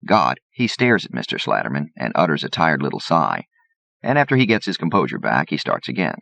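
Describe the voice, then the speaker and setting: Gravelly, very deep-voiced male narrator. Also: sing-song, a little fast, fairly bright tone, no echo. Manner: folksy, wry storytelling. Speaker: audiobook reader. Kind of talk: scripted narration. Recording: dull lo-fi audiobook recording.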